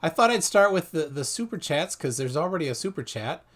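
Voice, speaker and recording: A man hosting a casual livestream debate, talking in halting bursts with lots of fillers. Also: fairly high pitch, big pitch swings, fairly bright tone. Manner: halting, many fillers, chatty. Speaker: livestream host.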